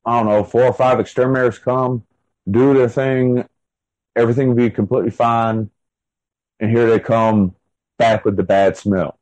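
A man's voice: mid-range voice, steady tone, moderate pace, darkish tone, no echo, rough recording. A man in his thirties telling his own story in an interview, rambling and full of fillers. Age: 30s. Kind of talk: casual first-person storytelling.

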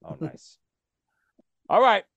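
A man co-hosting a podcast, talking about movies in a casual, animated storytelling way. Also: drawn-out words, no room sound, dull audio. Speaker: podcast co-host.

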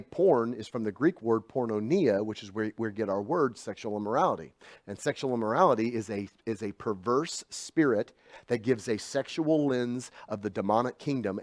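Male preacher, middle-aged, chatty storytelling sermon with big swings in loudness, dry recording. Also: medium pitch, no echo. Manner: swings from hushed asides to loud emphatic bursts.

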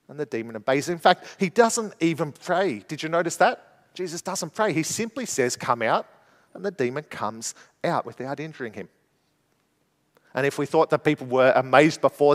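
A man preaching a sermon, explaining a scripture passage and moving between hushed and emphatic delivery. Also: mid-range voice, big-room sound.

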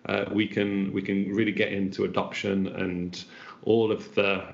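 A man co-hosting a casual chat, encouraging and quick to laugh. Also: lowish voice, level tone, creaky. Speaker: podcast co-host. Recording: roomy, slightly dull lo-fi sound.

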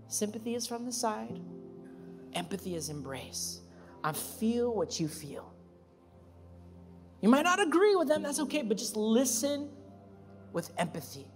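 A male pastor preaching a sermon, emphatic, rising to loud high peaks and then settling into calm, personal storytelling. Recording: reverberant church hall with music.

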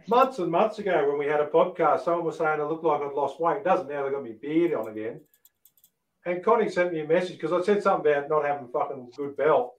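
Male host, fairly high voice, enthusiastic and swearing, echoey room. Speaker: podcast host. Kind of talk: casual banter on a podcast. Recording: roomy echo.

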